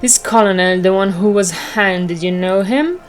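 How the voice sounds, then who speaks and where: A woman's voice: mid-range voice, normal speed, faint music behind, natural voice. A woman voicing a blunt, probing male police detective who asks short, direct questions.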